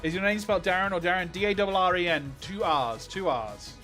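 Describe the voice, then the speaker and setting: Hyped up guy streaming, bit high voice, faint music behind. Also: fairly quick. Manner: excitable, exclaiming. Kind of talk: live reaction stream.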